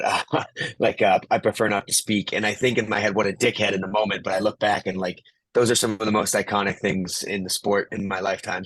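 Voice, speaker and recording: Co-host, male, low pitch, dry close mic, rambling delivery. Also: a bit bright, dry recording, poor audio. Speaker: podcast co-host. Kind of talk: casual chat.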